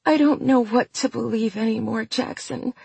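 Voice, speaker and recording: A narrator voicing a manipulative pregnant young woman who makes her voice soft, quivery and weak. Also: mid-range voice, a little slow, slightly rough, no echo, pitched above the performer's own voice. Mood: pleading. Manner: soft, quivery, feigned weakness.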